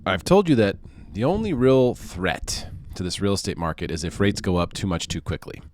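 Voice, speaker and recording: A low-voiced man talks through mortgage markets in a loose, animated commentary, leaning on sarcasm and repeating words to drive a point home. His voice is close and dry, with no room around it. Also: moderate pace, dry recording. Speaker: mortgage loan officer.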